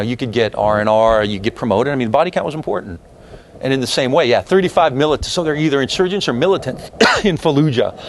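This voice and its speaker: A man giving a university history lecture in an animated, opinionated, conversational way, full of fillers and restarts. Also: medium pitch, slight background noise. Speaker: history professor. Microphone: lecture hall recording.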